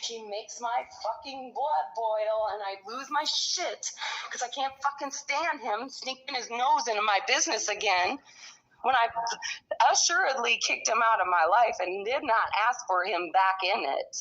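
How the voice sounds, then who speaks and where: A woman's voice: on the high side, a little slow, a bit bright. A middle-aged woman telling a rambling, angry story in casual conversation, cursing often. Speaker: storyteller recounting her own experiences. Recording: dull lo-fi recording.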